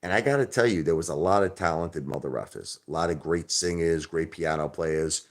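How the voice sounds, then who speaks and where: A man hosting a casual livestream, rambling and repeating himself, jumping from loud outbursts to low mutters and softening his swear words. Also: a little fast. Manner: minces swear words into euphemisms. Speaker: livestream host.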